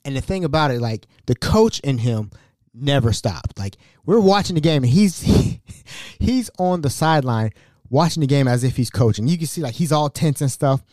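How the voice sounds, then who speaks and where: A man's voice: medium pitch, lively intonation, moderate pace, darkish tone, dry recording, clean studio sound. A young man hosting a podcast, casually telling family stories with laughs and imitations of relatives. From Ohio. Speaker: podcast host. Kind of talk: casual storytelling monologue.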